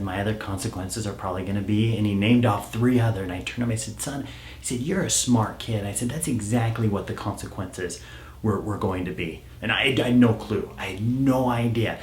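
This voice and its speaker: Calm low-voiced man telling a story. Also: fairly quick, echoey room, a little hiss or hum. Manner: calm storyteller, drops to a hush when quoting himself. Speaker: parenting coach. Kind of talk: storytelling advice talk.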